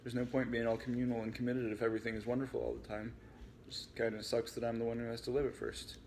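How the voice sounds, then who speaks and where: A man voicing a frank, weary young man who is quietly upset. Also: medium pitch, little pitch movement, quick pace, slight background noise, natural voice. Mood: glum.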